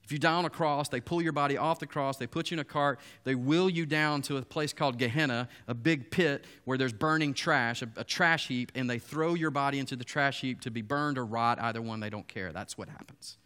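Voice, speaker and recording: A man preaching a sermon, retelling the story in a lively, storytelling way and acting out the voices of the people in it. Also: mid-range voice, brisk, few pauses. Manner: storytelling, animated, acts out quoted voices. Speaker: pastor.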